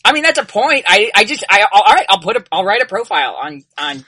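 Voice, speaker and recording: A woman playing a tabletop role-playing game, arguing defensively and quickly in character. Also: medium pitch, very animated, sharp tone, slight background noise, low-quality recording.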